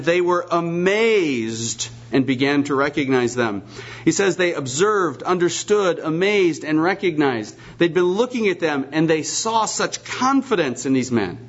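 Emphatic male preacher, slightly high voice. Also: lo-fi sound. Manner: emphatic, repetitive, asks rhetorical questions. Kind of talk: sermon.

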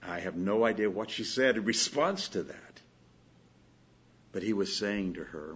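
A man preaching a sermon as a pastor, pleading with his listeners and swinging between loud exhortation and quiet storytelling. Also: fairly low pitch, expressive, measured pace, long pauses, slightly rough, lo-fi sound.

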